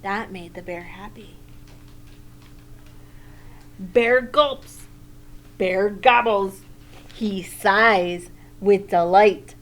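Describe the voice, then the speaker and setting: A woman teacher reading a picture book aloud to children in a gentle way, pausing to comment and ask questions. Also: medium pitch, slight background noise.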